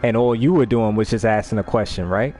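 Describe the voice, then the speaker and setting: A man hosting a live stream, telling a story in a casual, animated way, swearing freely and often repeating words as he restarts. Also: on the low side, a little fast, faint music behind. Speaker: livestream host.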